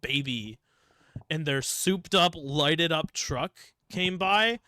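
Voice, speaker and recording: A young man from Ohio, one of a podcast's co-hosts, tells rambling stories packed with swearing during casual chat. His slightly high voice is bright and forceful, and he talks slowly. The sound is clean studio quality without echo.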